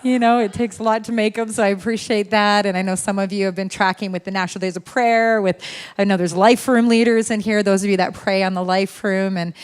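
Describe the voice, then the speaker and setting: A middle-aged woman from Alberta, Canada, gives chatty, laughing opening remarks as a guest preacher in a large church sanctuary, adding self-deprecating asides. Her mid-range voice is clear and resonant, brisk with fairly even intonation, and comes through a handheld or stage microphone.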